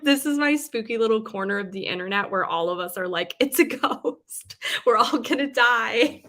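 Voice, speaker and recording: A woman's voice: on the high side, sharp tone. A young woman chatting casually on a live stream as host, giggly and full of filler words. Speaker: livestream host.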